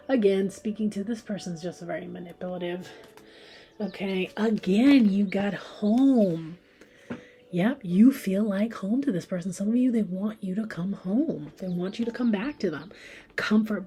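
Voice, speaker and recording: A woman's voice: medium pitch, unhurried, warm tone. A woman giving a pick-a-card tarot reading in a chatty way, thinking aloud as she draws cards. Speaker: tarot reader.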